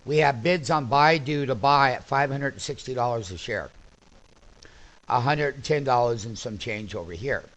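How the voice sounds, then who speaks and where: A man hosting a stock trading show, giving live commentary over a chart and getting excited as he calls out prices. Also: mid-range voice, poor audio. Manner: excitable, shouting out prices rapidly.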